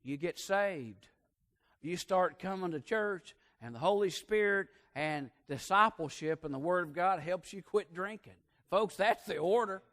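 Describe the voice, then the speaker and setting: A man preaching a sermon as pastor, telling folksy stories and swinging between loud emphatic peaks and hushed asides. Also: sits high, lively intonation, a little slow.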